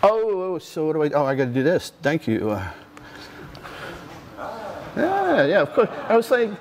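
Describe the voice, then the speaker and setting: A man in his sixties speaks from a conference stage, his voice sitting a bit higher than most men's. He rambles through his stories with restarts and quick asides, animated and unpolished. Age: 60s. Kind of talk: storytelling conference talk.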